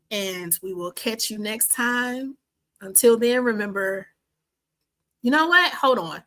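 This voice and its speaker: Bright-voiced woman podcast host in her 50s. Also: mid-range voice. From Washington, D.C. and the Carolinas, USA. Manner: animated, repeats phrases for emphasis, prays fervently. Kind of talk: casual podcast outro and prayer.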